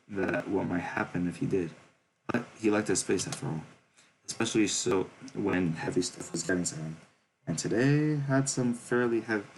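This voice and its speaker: Low-voiced man reading a game aloud. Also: poor audio. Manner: reads with stumbles and self-corrections. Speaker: game streamer. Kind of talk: reading a visual novel aloud.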